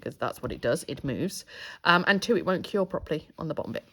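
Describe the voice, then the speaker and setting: A woman's voice: deep voice, lively intonation, fast, pushed and bright. A woman from the UK chatting and laughing with a client while doing her nails. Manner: chatty, giggly, puts on silly voices in stories. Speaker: nail artist. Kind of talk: casual chat while working.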